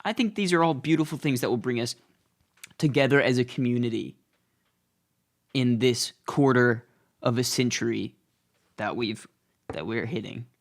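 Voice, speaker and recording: A young man hosting his own show, talking in a casual, rambling, self-deprecating comedic monologue. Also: medium pitch. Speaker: host.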